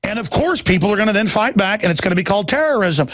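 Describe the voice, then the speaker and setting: A man's voice: high-pitched, big pitch swings, quick pace, a bit bright, no room sound. A middle-aged man hosting a talk radio show, delivering an indignant, emphatic rant from a broadcast studio. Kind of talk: heated broadcast monologue.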